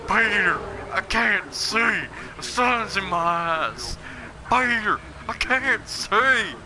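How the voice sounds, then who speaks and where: A man doing an impression of a gruff, blunt adult male cartoon cop while playing a video game. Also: high-pitched, animated, takes it slowly, noisy background, voice pushed up. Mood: alarmed.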